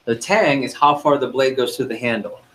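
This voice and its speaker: A man's voice: medium pitch, moderate pace, very noisy. A man running a sales training seminar, coaching the group and firing questions at them.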